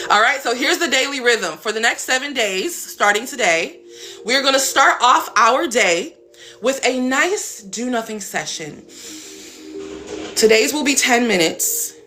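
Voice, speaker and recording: A woman's voice: a little high, animated, takes it slowly, pauses often, sharp tone, faint music behind. A woman hosting a live stream as a spiritual coach, talking casually and bluntly with some cursing. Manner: blunt, chatty, swears casually.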